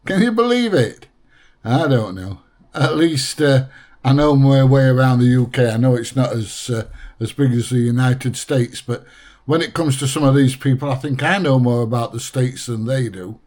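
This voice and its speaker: A man's voice: mid-range voice, normal speed, a little mellow. English man, casual reaction host, chatty and amused, laughs easily. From England.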